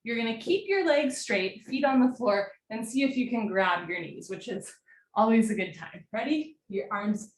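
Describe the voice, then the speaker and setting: A young woman leads a live yoga class, firing off brisk step-by-step cues in a slightly high voice and getting breathy as she moves through the poses herself. She sounds set back from the mic in a roomy space, with a faint hiss underneath. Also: animated, distant mic. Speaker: yoga teacher. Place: room at home, live video call.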